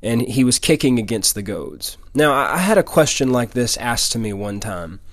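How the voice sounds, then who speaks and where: A Louisiana preacher in his 20s delivers a sermon with personal testimony, shifting between scripture and his own story with earnest storytelling. He repeats key lines for emphasis. His mid-range voice is expressive and moderately paced, sitting close and dry with no room sound.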